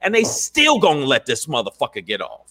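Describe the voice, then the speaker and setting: A man co-hosting a casual political chat show, profane and animated, often mocking others in put-on voices. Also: mid-range voice, fairly quick. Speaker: podcast co-host.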